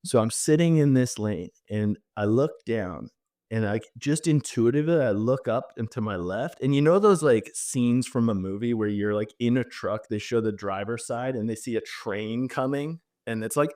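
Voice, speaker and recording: A man from Canada, a podcast guest vividly telling a personal story in an animated way, full of fillers. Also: mid-range voice, normal speed, dry recording, clean studio sound.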